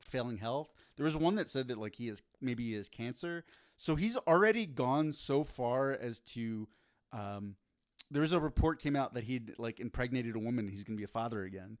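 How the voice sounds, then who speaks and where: A man co-hosting a comedy podcast, talking in rambling, halting bursts with crude humor. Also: mid-range voice. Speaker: podcast co-host. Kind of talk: casual comedic chat.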